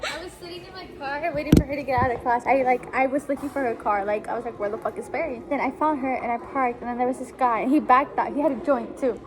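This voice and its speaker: High-voiced young woman chatting. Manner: chatty, quick asides, lots of "like". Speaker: vlog co-host. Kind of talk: casual storytelling chat.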